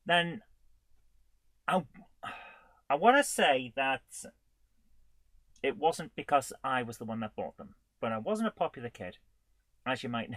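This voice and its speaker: A man's voice: mid-range voice, sing-song, a little slow, long pauses, a bit bright, dry recording. A man in his forties hosts a live retro gaming show, chatting casually in a rambling, self-deprecating way with chuckles. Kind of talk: casual livestream chat.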